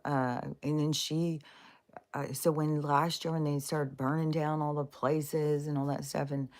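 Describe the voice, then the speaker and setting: A woman's voice: low voice, flat delivery, unhurried, darkish tone. A woman vlogging in casual, rambling talk, blunt and profane, with many fillers and restarts. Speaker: spiritual vlogger.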